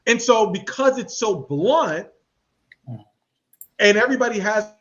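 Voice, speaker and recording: A man hosting a podcast, talking in a casual, animated and slangy way and acting out the people he quotes. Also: high voice, unhurried, highs cut off. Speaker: podcast host. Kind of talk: casual commentary chat.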